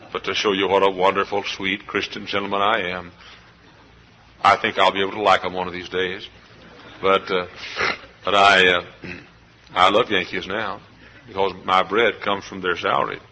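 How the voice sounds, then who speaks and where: Pastor preaching, low husky voice, bright edge, goes quiet then yells. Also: male voice, flat delivery, normal speed, poor audio. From Texas. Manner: swings from hushed confiding to shouted outbursts. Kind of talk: sermon. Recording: live church service recording.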